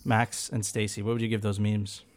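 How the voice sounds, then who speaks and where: A man's voice: lowish voice, flat delivery, moderate pace. A man hosting a live podcast, bantering casually and cueing the co-hosts and guests. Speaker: podcast host.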